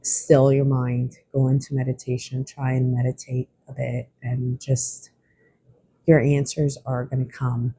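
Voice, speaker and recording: Oracle reader, reassuring and unhurried, dark husky voice, close dry sound. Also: mid-range voice, no echo. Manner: gentle, reassuring, slightly rambling. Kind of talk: spiritual oracle card reading.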